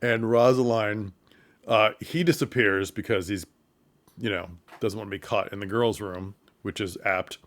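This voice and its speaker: A man casually retelling a comedy film's plot for theatre makers, with chuckles and quick put-on voices for the characters. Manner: animated retelling, quick falsetto bits for quoted characters; chuckles through the telling. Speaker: theatre commentator. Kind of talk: casual film recap.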